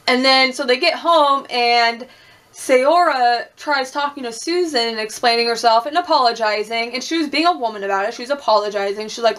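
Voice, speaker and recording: A young woman of Puerto Rican and Cuban heritage chats casually through a reality TV recap, swearing freely, acting out quotes and laughing a lot. Her voice sits high, brisk and a bit bright.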